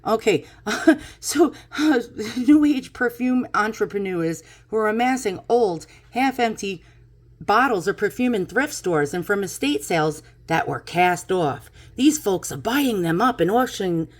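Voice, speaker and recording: A woman's voice: medium pitch, animated, measured pace. Woman in her fifties, sarcastic, cranky, rambling casual vlog talk, recorded in a home kitchen. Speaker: YouTube vlogger.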